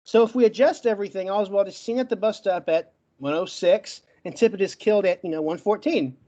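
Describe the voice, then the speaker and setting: A man with a stutter giving a brisk, emphatic closing argument as a guest in an online debate, listing facts one after another. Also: sits high, warm tone, highs cut off. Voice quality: stutters, gets stuck on words.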